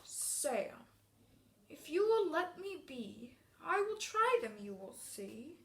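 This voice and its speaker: A woman's voice: sits high, big pitch swings, takes it slowly, gravelly, echoey room, recorded from a distance, voice pushed down, heavily acted. A woman doing a stubborn storybook man. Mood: delighted. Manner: exaggerated rhyming delivery. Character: stubborn grown man won over.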